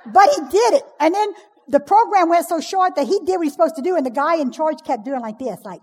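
High-voiced woman preaching in a hall. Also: a little fast. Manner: humorous, storytelling, lively preaching. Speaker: pastor's wife speaking at a ladies' event. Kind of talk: sermon. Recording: long hall reverb.

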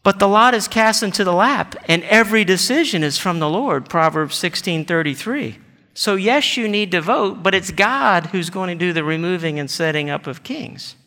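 A man's voice: high voice, lively intonation, normal speed, sharp tone. A male pastor preaching a sermon in an earnest way, asking the congregation rhetorical questions. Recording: reverberant hall.

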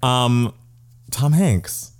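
A man's voice: medium pitch, animated, very slow, darkish tone, clear, resonant tone. A man co-hosting a casual podcast, chatty and jokey, often laughing and putting on silly voices for quotes. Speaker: podcast co-host. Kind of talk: casual chat.

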